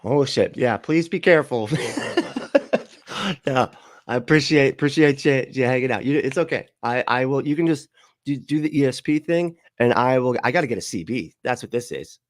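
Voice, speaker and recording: Male livestream host, mid-pitched, sarcastic and swearing, dry close sound. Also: animated, normal speed, no room sound. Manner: profane, sarcastic, laughs often. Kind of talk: casual reaction commentary.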